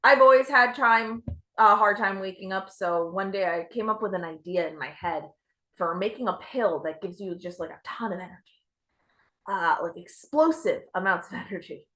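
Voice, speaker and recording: Bright-voiced young woman comic, self-deprecating. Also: mid-range voice, moderate pace. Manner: self-deprecating, deadpan delivery. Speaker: stand-up comedian. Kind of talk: stand-up set.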